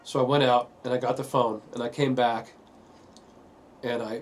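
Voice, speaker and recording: A man earnestly telling a painful family story in a halting way, full of fillers. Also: medium pitch, little pitch movement. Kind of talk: personal testimony.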